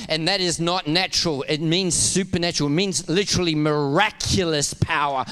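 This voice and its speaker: High-voiced pastor preaching in a church. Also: male voice, moderate pace, hardly any pauses, in a large hall. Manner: animated, laughing, urging the congregation to respond. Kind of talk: sermon.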